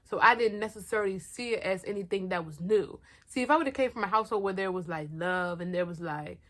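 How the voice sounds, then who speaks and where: Brisk and a bit bright, this medium-pitched female voice belongs to a young vlogger sharing a personal story. She speaks candidly and in slang to her viewers, self-deprecating and blunt.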